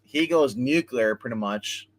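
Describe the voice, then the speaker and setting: A man of middle pitch hosts a casual live stream, recapping a comic's plot in an animated way. He keeps slipping into the characters' lines as he tells the story. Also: a little slow. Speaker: comic book reviewer hosting a live stream.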